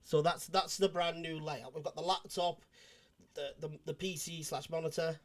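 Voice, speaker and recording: A man's voice: on the high side, steady tone, normal speed. A man hosting a casual livestream, rambling and joking between restarts. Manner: rambling, restarts, jokey asides. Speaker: host.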